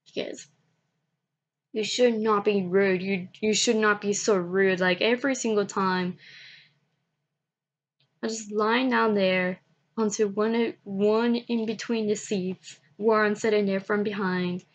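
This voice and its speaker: A woman vlogging, telling a personal story in a halting, repetitive way and often restarting her sentences. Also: mid-range voice, fairly even intonation.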